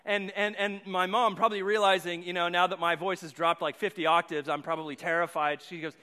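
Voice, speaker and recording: A man's voice: high-pitched, little pitch movement, fairly quick, few pauses, bright, forceful tone. A man in his thirties, a pastor giving a sermon with a rambling personal story, often repeating his words. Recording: long hall reverb.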